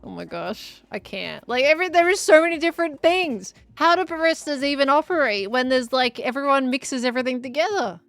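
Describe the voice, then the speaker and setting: A woman's voice: high voice, animated, fairly quick, hardly any pauses, dry recording, soft background music. A woman, chatting casually on a live stream, rambling and laughing as she reads chat. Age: 20s.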